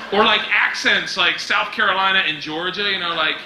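A man performing a stand-up comedy set, telling a story in an animated way and often shouting. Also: high-pitched. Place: comedy club stage with audience. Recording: echoey club clip, loud noise.

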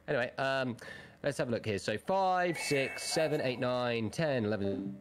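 A man's voice: medium pitch, expressive, moderate pace, noisy background. Rambling man on a gaming stream. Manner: rambling, fillers and swearing. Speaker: stream co-host running a raffle. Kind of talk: casual live-stream chat.

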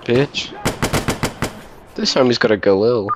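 Slow, laid-back laughing gamer man. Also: mid-range voice, dull audio, very noisy. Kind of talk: casual chat while playing. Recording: gunfire behind voice.

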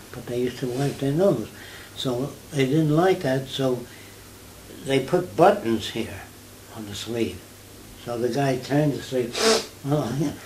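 An older man from New York talks through his ideas in a relaxed, storytelling interview, moving from one anecdote to the next. Now and then he slips into mimicked accents before going back to his everyday voice. A faint hiss of background noise sits under the recording. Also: mid-range voice, reverberant, rough recording. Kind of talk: conversational storytelling.

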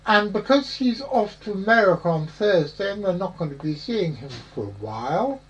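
A man's voice: sits high, big pitch swings, moderate pace, dull audio, slight background noise. A man hosting a podcast in a rambling, jokey chat full of puns. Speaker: podcast host. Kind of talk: casual chat.

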